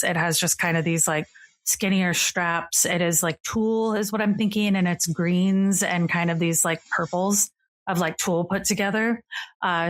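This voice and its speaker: Casual woman game master narrating. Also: lowish voice. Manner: casual, descriptive, heavy use of filler "like".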